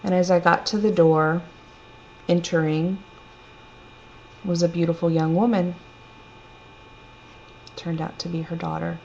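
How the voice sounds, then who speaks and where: A woman telling a personal story in a gentle, reflective, unhurried way. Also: on the low side, little pitch movement, gravelly. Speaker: storyteller sharing a personal testimony. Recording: dull lo-fi recording with faint hum.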